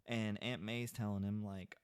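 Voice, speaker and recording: Low-voiced man recapping a film. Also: little pitch movement, measured pace, clear, resonant tone, no echo, studio quality. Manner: loose, rambling retelling with many "like"s. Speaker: podcast co-host. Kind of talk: casual movie recap chat.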